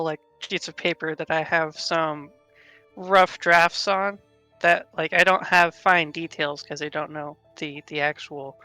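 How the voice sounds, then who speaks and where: A tabletop player chats casually in a bright, forward voice. They stop and restart often, fill gaps with uhs, and are quick to apologize. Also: medium pitch, clear, resonant tone, no echo. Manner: self-deprecating, halting with fillers. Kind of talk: casual tabletop game chat.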